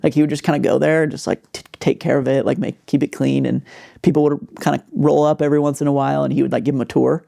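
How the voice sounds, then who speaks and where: Gravelly, dark-voiced man telling a story. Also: fairly high pitch, fast talker. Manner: animated, filler-heavy storytelling. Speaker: podcast host. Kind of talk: casual storytelling.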